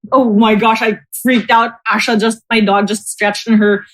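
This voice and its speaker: A woman from the Philippines, telling stories as a podcast guest in a casual, animated way. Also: on the high side, normal speed. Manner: animated, laughs often, acts out quoted voices. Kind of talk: casual storytelling. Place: home.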